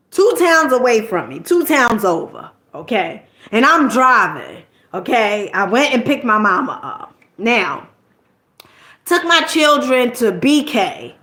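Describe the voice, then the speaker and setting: A woman's voice: fairly high pitch, bright, forceful tone. A middle-aged woman from New Jersey telling a personal story in a casual, colloquial way, tossing in "okay?" and mild swearing.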